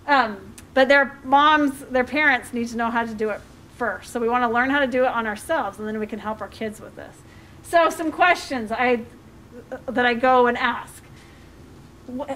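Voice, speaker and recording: A high-pitched middle-aged woman talks as a life coach in a loose, chatty way. She often restarts her sentences, fills gaps with small words and laughs now and then. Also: a bit bright, a little hiss or hum. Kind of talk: talk on handling emotions.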